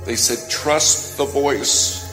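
A man's voice: medium pitch, fairly even intonation, drawn-out words. A man preaching a sermon, telling a story with dramatic, swelling emphasis. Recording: echoey hall with music behind.

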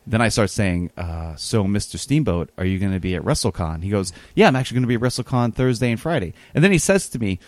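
A man's voice: medium pitch, fast talker, hardly any pauses, no room sound. Man spinning a rambling anecdote, lots of "uh" and "whatnot", dry mic. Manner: rambling, animated, many fillers. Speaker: guest telling a story. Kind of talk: casual storytelling.

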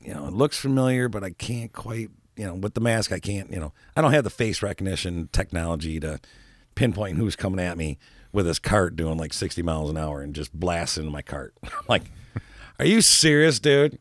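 A man with a fairly low voice tells a rambling story in casual talk, laughing as he goes and stumbling over words. The sound is dry and close, with no room behind him. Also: fairly quick, no room sound. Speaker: co-host. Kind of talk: casual radio-style chat.

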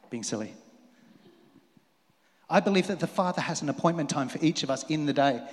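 A man preaching a sermon in a lively way, rising to emphatic peaks and dropping to quiet asides. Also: on the high side, fairly quick, pauses often. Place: church hall. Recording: long hall reverb.

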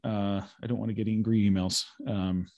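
A man's voice: lowish voice, flat delivery, brisk, narrow, tinny audio. A man in a casual conversation about pastoral ministry, thinking aloud and repeating words as he goes.

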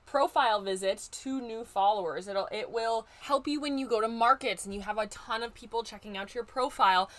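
A woman's voice: fairly high pitch, a little fast, hardly any pauses, a bit bright. A woman with a Midwestern American accent hosting a solo business podcast, bubbly and chatty, talking to listeners like a close friend. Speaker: podcast host, business growth coach. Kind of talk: upbeat solo podcast chat.

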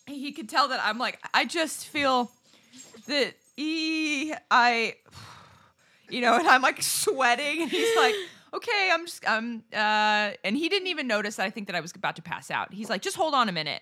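A woman co-hosting a podcast, telling a story in casual chat, animated and laughing often, swearing and acting out what people said. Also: sits high, a little slow. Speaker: podcast co-host.

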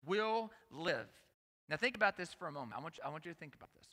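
A man preaching an energetic sermon at a conference, emphatic and repeating phrases as he speaks straight to the audience. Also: fairly high pitch, quick pace. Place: large conference hall. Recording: long hall reverb.

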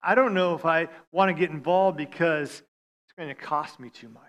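A man preaching a sermon, stammering on restarts and swinging from loud appeals to hushed lines. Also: fairly high pitch, moderate pace, highs cut off. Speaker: pastor.

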